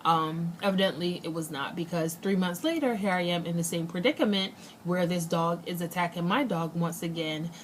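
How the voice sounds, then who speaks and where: Lower-voiced woman telling a story. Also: normal speed, hardly any pauses, a little hiss or hum. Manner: animated retelling, acts out quotes. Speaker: vlogger. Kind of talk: casual storytelling.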